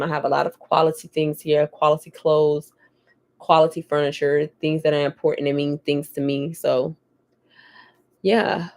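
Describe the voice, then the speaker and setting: A woman vlogging at home, telling stories in a candid, profane, lively way. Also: sits low. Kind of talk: casual chat to camera.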